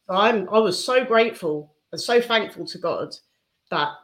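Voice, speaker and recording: A woman tells her own story to an interviewer in an open, reflective way, breaking into soft laughs now and then. Her pitch sits at an ordinary middle height for a woman. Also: expressive, moderate pace. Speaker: interview guest. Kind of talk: personal testimony in conversation.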